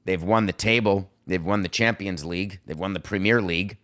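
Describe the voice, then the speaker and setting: Animated sarcastic sports talk man. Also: sits low, fairly quick. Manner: animated, sarcastic, mocking voices and singing. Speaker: podcast host.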